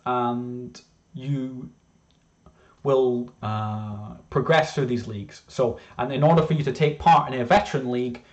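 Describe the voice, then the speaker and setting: A man's voice: medium pitch, a little mellow. Guy rambling through his game plans, lots of ums, kinda muffled lo-fi audio. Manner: rambling, many fillers and restarts. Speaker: game developer presenting his game. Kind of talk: casual presentation.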